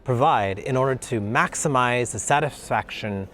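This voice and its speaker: A man interviewing in a relaxed, playful way, a cello teacher asking questions. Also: mid-range voice, normal speed, slight background noise. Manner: playful, joking. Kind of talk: casual interview. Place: outdoors in a town.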